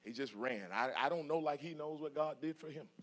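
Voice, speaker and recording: High-voiced preacher, bright and forceful. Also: male voice, brisk. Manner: swings from soft asides to shouted preaching; jokes with congregation, laughs. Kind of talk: sermon. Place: church sanctuary.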